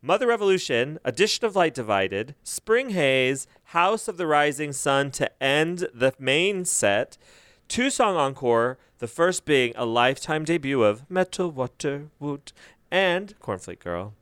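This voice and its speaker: A man co-hosts a podcast in a relaxed, playful chat. He teases his partner and reads out lists with mock grandeur. The sound is dry and close. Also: a little high, a little slow, clear, resonant tone, no room sound. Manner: playful, reads a set list aloud. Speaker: podcast co-host. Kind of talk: casual chat.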